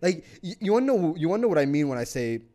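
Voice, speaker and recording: A young man co-hosting a podcast, telling a story in casual chat, animated, swearing a lot and laughing often. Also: fairly high pitch, rapid-fire. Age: young adult. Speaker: podcast co-host.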